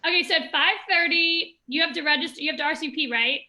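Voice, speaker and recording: Casual excitable woman rambling on a video call, pretty high voice, super sharp tone. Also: fast talker. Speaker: co-host. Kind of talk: casual chat.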